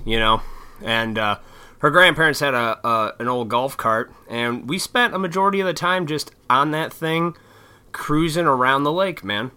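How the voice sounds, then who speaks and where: A man's voice: medium pitch, sharp tone, smooth. A young adult man hosting his own vlog, rambling casually with lots of fillers and easy swearing. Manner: laid-back, swears casually, frequent fillers. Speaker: vlog host.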